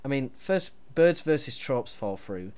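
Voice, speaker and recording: A man's voice: medium pitch, animated, a little slow, a little mellow, clear, resonant tone. A young man co-hosting a gaming video, nitpicking his partner with exasperated, swearing rants. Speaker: let's play co-host. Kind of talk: casual gameplay banter.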